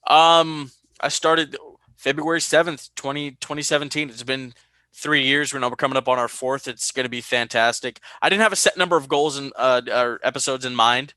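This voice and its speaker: A young man hosting a casual podcast, telling stories with lively jumps into high-pitched quoted voices. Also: a little fast, dry recording. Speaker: podcast host.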